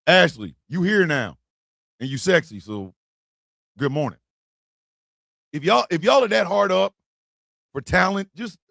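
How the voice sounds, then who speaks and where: A man's voice: a little high, gravelly, a bit bright, dry recording. A man hosting a comedy podcast, ranting in a profane, mocking way with bursts of laughter, close on the mic. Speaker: podcast host. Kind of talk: comedic rant.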